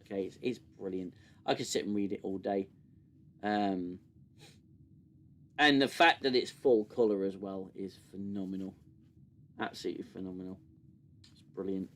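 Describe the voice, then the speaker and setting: A man's voice: low voice, fairly even intonation, moderate pace, pauses often, a bit bright. A British man hosting a casual livestream and reviewing a show, rambling with many fillers and restarts into a desk mic. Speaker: livestream host.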